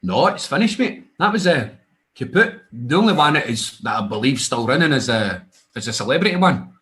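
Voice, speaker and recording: A man's voice: mid-range voice, big pitch swings, fairly quick, sharp tone. A young Scottish man, a wrestler, telling stories in casual chat with lots of swearing, acting out the other voices in his anecdotes. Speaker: guest wrestler.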